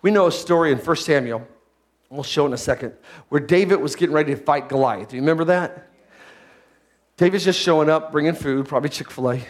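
High-voiced preaching man, loud then hushed. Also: fast. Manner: swings from loud preaching to low quiet asides. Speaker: pastor. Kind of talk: sermon.

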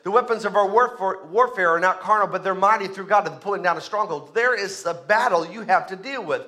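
A man's voice: high-pitched, fairly quick, sharp tone. A male pastor preaching a sermon, with emphatic repetition and call-and-response to the congregation.

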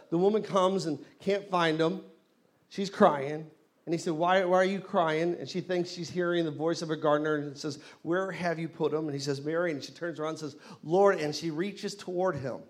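A man preaching a sermon in a church, leading the congregation in call-and-response and rising to loud exclamations. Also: fairly high pitch. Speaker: pastor. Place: church hall.

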